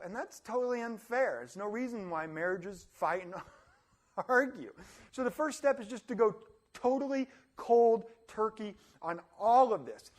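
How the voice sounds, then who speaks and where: A young adult man giving a motivational talk, animated, acting out complainers in high voices. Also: measured pace. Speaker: motivational speaker.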